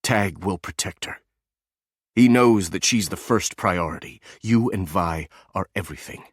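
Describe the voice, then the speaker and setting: A man voicing a frightened young man who speaks in a low, tense, urgent way. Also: a little slow, slightly rough, dry recording, studio quality.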